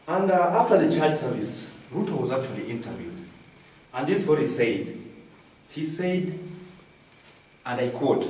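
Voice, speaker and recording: A man's voice: fairly high pitch, sing-song, moderate pace, pauses often, a little mellow, a little hiss or hum. A Kenyan man doing a satirical comic news monologue, repeating each punchline with "I'm telling you.". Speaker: comedian. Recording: very echoey, distant from the mic.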